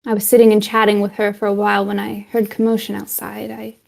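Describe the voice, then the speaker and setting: A woman's voice: mid-range voice, monotone, fast talker, gravelly, darkish tone. A woman doing a polite young farm woman. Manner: polite, hesitant with fillers.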